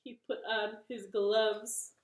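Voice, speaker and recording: A woman reading a picture book aloud for children's storytime, slowly and expressively, from her living room. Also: medium pitch, echoey room. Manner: slow, expressive, playful. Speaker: library storytime reader.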